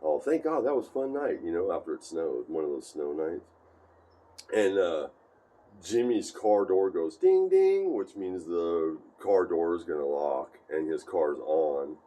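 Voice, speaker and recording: Deep-voiced man rambling through old stories. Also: expressive, unhurried, dark tone. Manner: rambling anecdotes, raises his voice to quote friends. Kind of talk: casual storytelling at home. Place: home.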